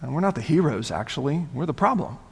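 A man preaching a sermon as pastor, conversational and animated, often repeating words as he goes. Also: on the high side, fast talker, gravelly, breathy edge, in a large hall.

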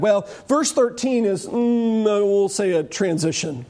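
A man preaching a sermon with animated delivery and joking asides. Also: high-pitched, a little slow, hardly any pauses.

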